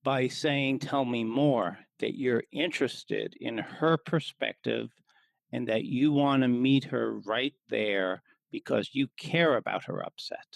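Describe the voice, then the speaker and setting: A man's voice: mid-range voice, takes it slowly, vocal fry, no echo. A man hosting a podcast, reflecting on and affirming what his guest says. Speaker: podcast host. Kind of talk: interview.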